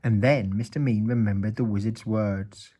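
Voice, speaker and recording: A man reading a children's story aloud in an expressive, playful way. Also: lowish voice, moderate pace.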